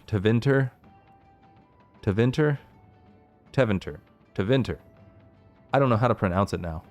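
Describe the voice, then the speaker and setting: A man with a low, smooth voice hosts a let's play, reading game lore entries aloud. Now and then he stops to puzzle over how to pronounce a name.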